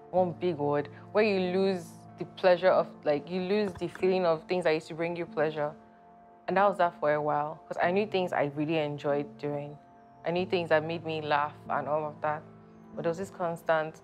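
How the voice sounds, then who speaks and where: A woman reflecting plainly on a period of depression. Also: low-pitched. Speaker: interviewee. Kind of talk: personal testimony.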